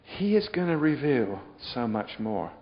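A man's voice: mid-range voice, very animated, measured pace. A man preaching a sermon in a chatty, joking way, often putting questions to his listeners. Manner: chatty, jokey, asks the audience questions. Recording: dull lo-fi sound with long hall reverb.

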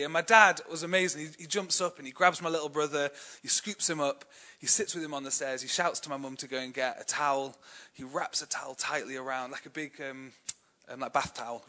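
A man's voice: on the high side, pushed and bright. A young English man preaching a sermon in a chatty, self-deprecating way, telling personal stories with many fillers. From England.

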